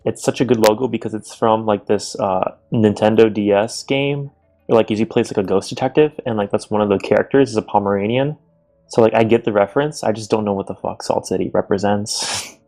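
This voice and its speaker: A man with a low, gravelly voice chats casually as a team captain during a streamed league draft. He talks in a relaxed, halting way, often restarting his sentences. Faint music plays underneath.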